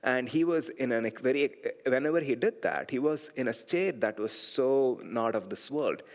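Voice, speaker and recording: A man teaching a class, telling stories in a reflective, digressive way and laughing softly now and then. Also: mid-range voice, normal speed, long reverb tail. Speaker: meditation teacher. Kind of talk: storytelling class lecture.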